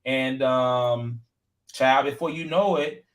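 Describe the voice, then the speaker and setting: A man co-hosting a casual reality TV recap show, talking in a chatty, animated way with lots of fillers and retold quotes. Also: medium pitch, slow pace. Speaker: podcast co-host.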